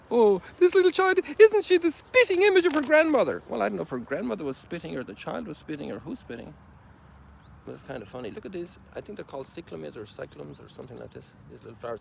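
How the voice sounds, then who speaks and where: A gravelly, medium-pitched voice moves quickly with lively intonation as an Irish priest in his sixties reflects informally on a sunrise walk. Slight background noise sits under his rambling talk and folksy asides.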